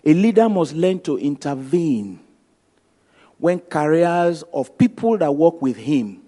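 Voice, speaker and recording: A man's voice: a little high, big pitch swings, takes it slowly, dark tone. A man with a Nigerian accent giving a motivational talk, telling stories and acting out the dialogue with emphatic repetition. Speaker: speaker. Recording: long hall reverb.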